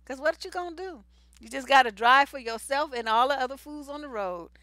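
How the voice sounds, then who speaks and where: A woman's voice: sits high, animated, a little fast, pushed and bright, dry recording. A woman giving blunt, slangy relationship advice in a casual live stream. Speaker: relationship coach.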